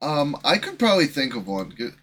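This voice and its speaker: A man's voice: a little high, sing-song, brisk, background noise. A man co-hosting a horror movie podcast, chatting in a jokey, offhand way. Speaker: podcast co-host. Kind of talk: casual podcast chat.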